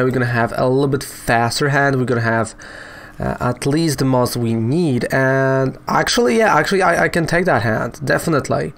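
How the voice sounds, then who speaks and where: Casual game streamer, man, medium pitch, chatty and self-joking. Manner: chatty, peppers talk with "right?" and "you know"; joking, self-mocking asides. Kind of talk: casual gameplay commentary.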